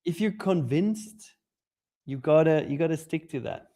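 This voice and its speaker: A man's voice: on the high side, animated, measured pace, mellow. A man trading live on a stream, playfully chanting at the chart and giving easygoing advice. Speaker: trader on stream. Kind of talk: casual banter.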